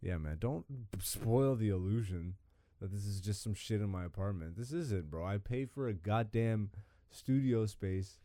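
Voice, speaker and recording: A man's voice: fairly low pitch, unhurried, no echo. A young man hosting a casual comedy podcast from a small home studio, joking and riffing loosely. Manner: animated, joking, trails into bits and put-on voices. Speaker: podcast host.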